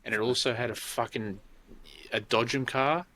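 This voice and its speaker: A man's voice: medium pitch, fairly even intonation, moderate pace, bright, forceful tone. An Australian man in his thirties, co-hosting a podcast and telling rambling, sweary stories. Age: 30s. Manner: swears freely, rambling storytelling. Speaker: podcast co-host. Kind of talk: casual chat.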